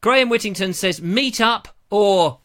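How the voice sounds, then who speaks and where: A man's voice: high-pitched, a little slow, a bit bright. A man hosting a casual livestream, jokey and rambling, chatting into a lavalier mic. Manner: jokey, rambling, slips into silly voices. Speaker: livestream host.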